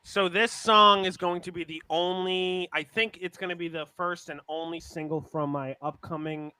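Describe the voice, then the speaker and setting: A guest rapper from Roxbury, Massachusetts chats casually on a podcast, rambling excitedly and packing his speech with fillers. His voice is high, clear and resonant, at a normal speed, with no room sound.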